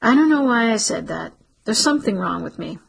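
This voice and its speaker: Garrett is an awkward, earnest young man in an audiobook, read by a woman. He talks in a level, unhurried way. His voice stays husky and carries a gravelly rasp. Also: a little high, expressive, full character voice, low-quality recording. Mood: even.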